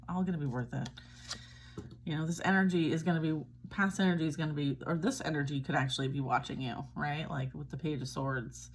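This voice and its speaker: A woman's voice: deep voice, fairly bright tone, a little hiss or hum. A woman giving a casual tarot reading, chatty and reassuring, often checking in with "all right?". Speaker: tarot reader.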